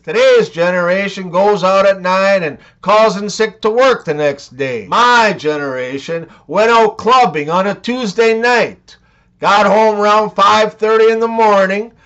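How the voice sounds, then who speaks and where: Male comedian, deadpan joke delivery, unhurried; dull lo-fi sound. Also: high-pitched. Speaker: comedian telling jokes. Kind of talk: scripted joke narration.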